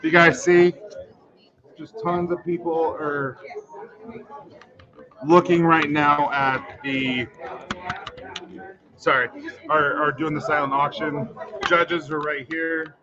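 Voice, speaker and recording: A man's voice: on the high side, flat delivery, takes it slowly, long pauses. A man announcing contest winners at a live event, in an upbeat, teasing way. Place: busy barbershop event. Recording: roomy, distant, muffled phone audio with crowd chatter.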